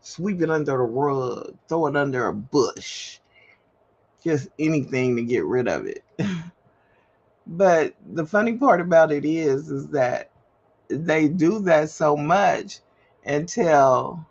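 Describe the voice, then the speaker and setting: Woman rambling on her livestream, gravelly voice, takes her time, kinda muffled audio. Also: low-pitched, expressive, takes it slowly, a little mellow. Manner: candid, rambling, emphatic repetition. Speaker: livestream host. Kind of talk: casual livestream venting. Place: at home, printing paperwork. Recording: slightly dull livestream audio, faint hum.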